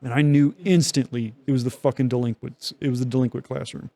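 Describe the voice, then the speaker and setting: A man's voice: medium pitch, fairly even intonation, fast, creaky, mellow. A young man co-hosting a podcast, telling a long story in loose, profane casual chat with many fillers. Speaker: podcast co-host.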